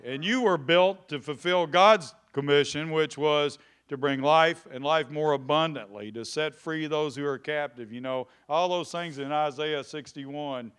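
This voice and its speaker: Bright, clear-voiced preaching man. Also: on the high side. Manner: preaching, rising to shouts, addressing congregation by name. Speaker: pastor. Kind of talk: sermon. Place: church.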